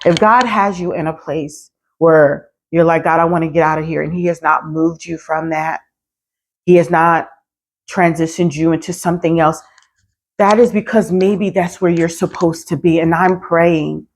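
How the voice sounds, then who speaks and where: A woman's voice: low-pitched, steady tone, normal speed. A woman in her forties giving a heartfelt, preacher-style vlog message, exhorting listeners and repeating phrases for emphasis. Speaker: vlogger and property manager.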